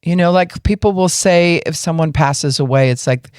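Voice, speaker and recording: A man's voice: on the high side, moderate pace, clear, resonant tone, no echo, clean studio sound. A man giving an earnest teaching talk on a podcast, explaining emotions step by step and acting out people's inner voices. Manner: acts out people's inner voices in quoted lines. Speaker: podcast speaker on grief and emotions.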